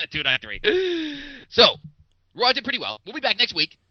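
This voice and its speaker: A man playing a clueless, excitable sports fan in a comedy bit, rambling and repeating his co-host's name. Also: fairly high pitch, a little slow, dry recording, muffled recording, exaggerated voice. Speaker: podcast co-host in comedy bit. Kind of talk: comedic sports-talk parody.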